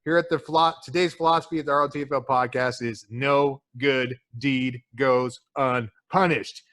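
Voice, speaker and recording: A man co-hosting a podcast, chatting crudely and swearing constantly as he tells animated stories. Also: mid-range voice, moderate pace. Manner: profane, swears constantly, calls listener "dude"; animated storyteller, acts out quotes. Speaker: podcast co-host. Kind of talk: crude casual chat.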